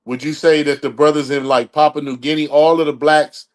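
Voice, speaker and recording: A man from the United States presses his point in a heated talk-show debate. He lectures at length and talks over interruptions in a fairly high voice. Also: flat delivery, brisk.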